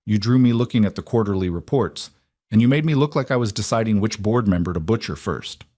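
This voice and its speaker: A man voicing a commanding, possessive male CEO who speaks low and controlled, in a dry recording. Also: lively intonation, brisk, darkish tone, no room sound.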